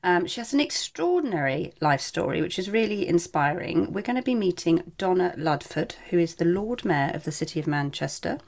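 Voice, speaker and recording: Woman podcast co-host, playful and teasing, creaky gravelly tone. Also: on the low side, expressive, a little mellow. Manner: playful, teasing, quick with jokes. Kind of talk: casual chat.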